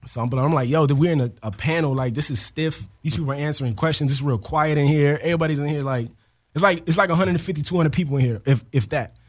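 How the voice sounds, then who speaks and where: Man, rapid animated storytelling, slangy interview guest. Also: a little high. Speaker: rapper guest.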